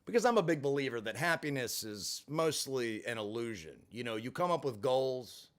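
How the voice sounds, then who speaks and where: A man hosting a livestream, telling a story in a casual, blunt and profane way, swinging from flat to heated. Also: mid-range voice, moderate pace. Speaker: livestream host.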